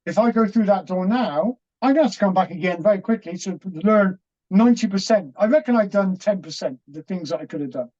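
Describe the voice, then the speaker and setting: A man's voice: high-pitched, expressive, darkish tone. Earnest man telling a story. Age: middle-aged. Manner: earnest, halting, with repeated restarts. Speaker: interview guest. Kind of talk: personal storytelling. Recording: dull, muffled audio.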